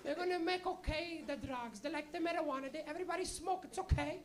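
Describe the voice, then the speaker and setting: A woman's voice: high voice, quick pace, pitched above the performer's own voice, close to an everyday voice. A man voicing a tiny Portuguese immigrant mother with a Portuguese accent, nagging in broken English in a stand-up bit. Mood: fussing. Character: tiny scolding immigrant mother, middle-aged. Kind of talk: stand-up comedy impression.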